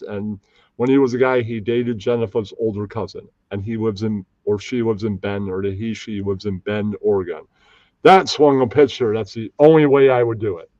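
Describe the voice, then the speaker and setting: A man's voice: medium pitch, mellow, no echo, lo-fi sound. A man hosting a casual live stream, rambling and often losing track of names. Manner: rambling, loses names, puts on mocking voices. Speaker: stream host.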